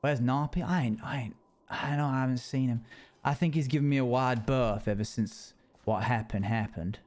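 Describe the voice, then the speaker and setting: A man rambles to himself in a folksy, rustic drawl, staying in character as he plays a survival game. His pitch sits in an ordinary middle range, and he breaks into chuckles often. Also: normal speed, darkish tone. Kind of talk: in-character role-play narration.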